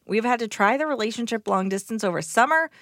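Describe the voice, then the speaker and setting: A woman's voice: a little high, animated, fast, fairly bright tone, no room sound, clean studio sound. A woman from the United States co-hosting a podcast, reading a listener's letter aloud in an easygoing, plain way. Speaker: podcast co-host.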